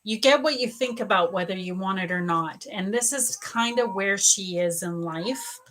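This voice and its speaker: A woman psychic medium answering viewer questions in a live stream, chatty and animated, laughing often. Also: medium pitch, normal speed, low-quality recording. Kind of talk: live-stream reading, casual chat.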